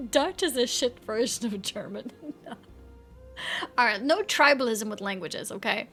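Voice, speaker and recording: A woman's voice: fairly high pitch, animated, measured pace, pushed and bright, faint music behind. A woman chatting casually on a live game stream, reading chat aloud and laughing often.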